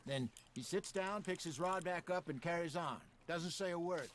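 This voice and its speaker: An actor playing an older male outlaw who tells wry, folksy fishing stories in a warm drawl. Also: fairly high pitch, normal speed, slight background noise, lightly acted.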